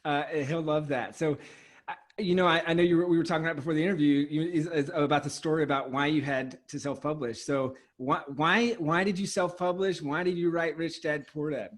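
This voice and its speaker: A man's voice: fairly high pitch, fairly even intonation, a little fast. A young adult man hosting a casual interview, eager and chatty with fillers. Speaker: podcast host.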